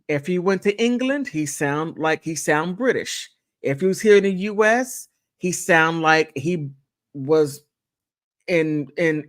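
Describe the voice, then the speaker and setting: A woman hosting a casual commentary monologue, rambling with repeats and chatty asides. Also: on the low side. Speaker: channel host.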